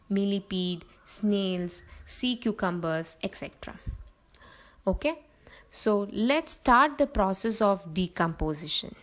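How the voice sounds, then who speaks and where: A woman's voice: mid-range voice, rough recording. A young woman teacher giving a biology lecture, explaining terms step by step with frequent fillers.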